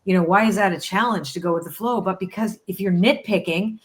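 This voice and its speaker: Woman oracle reader, mid-pitched, casual and reflective, talks to the listener. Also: brisk. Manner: reflective, often checks in with "right?". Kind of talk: conversational card reading.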